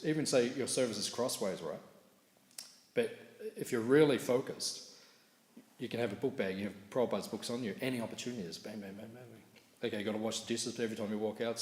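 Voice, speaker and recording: A middle-aged man leads a morning scripture class with a fairly low voice. He tells stories in a loose, chatty way and laughs at his own anecdotes. The sound is roomy, with a long hall reverb and faint room noise behind him. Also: fast, a little mellow. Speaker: class speaker.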